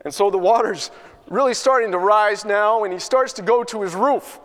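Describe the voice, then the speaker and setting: A man's voice: sits high, moderate pace, a bit bright, in a large hall. A man preaching a sermon, telling a story in an earnest way with many restarts. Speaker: pastor.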